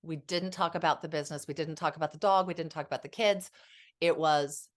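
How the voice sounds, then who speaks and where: A woman's voice: deep voice, fairly even intonation, a little fast. A woman in her fifties, a marriage and family therapist, speaking as a podcast guest in a heartfelt, reflective way. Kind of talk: candid podcast interview.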